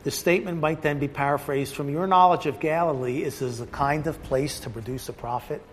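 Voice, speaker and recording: A man's voice: a little high, a little fast, slight background noise, low-quality recording. Man leading a Bible study. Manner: reads passages aloud, then breaks off to explain with restarts and asides. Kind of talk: teaching a Bible study, reading and explaining a text.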